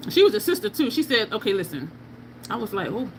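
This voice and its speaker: A woman's voice: fairly high pitch, animated, fast talker, a little hiss or hum, rough recording. A woman beauty vlogger chatting casually through a makeup tutorial, telling stories and laughing often.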